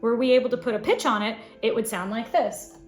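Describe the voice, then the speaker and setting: A woman voice teacher giving a scripted singing lesson, explaining clearly and now and then demonstrating sounds. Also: fairly high pitch, brisk, roomy sound, loud music behind the voice. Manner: clear instructive delivery with sung demonstrations.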